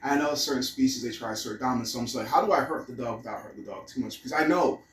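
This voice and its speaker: A man's voice: medium pitch, rapid-fire, echoey room, far from the mic, rough recording. A man vlogging casually at home, rambling and cursing as he muses aloud. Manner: rambling, profane, musing aloud. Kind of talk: casual vlog monologue. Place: room at home.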